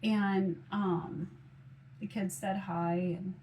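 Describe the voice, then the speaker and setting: A woman's voice: medium pitch, steady tone, very slow, dark tone, a little hiss or hum, low-quality recording. Chatty woman, mid-range voice, storytelling vlog, rambling and quoting herself. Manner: rambling retelling, lots of "I was like". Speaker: mom vlogger. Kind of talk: casual storytelling.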